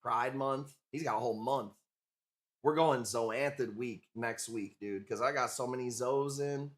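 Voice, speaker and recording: In an unhurried, mid-range voice, a livestream host from Illinois works a coral auction, bantering casually with viewers in a profane, joking manner.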